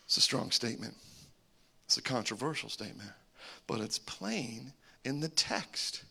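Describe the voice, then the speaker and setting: A man preaching a sermon, animated, with joking asides and swings between loud calls and hushed remarks. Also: mid-range voice, unhurried, creaky, husky. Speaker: pastor.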